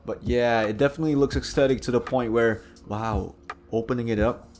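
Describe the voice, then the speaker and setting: A man's voice: medium pitch, fairly even intonation, fairly quick, darkish tone, a little hiss or hum. A man giving a casual, rambling product review, talking to the camera with lots of filler phrases.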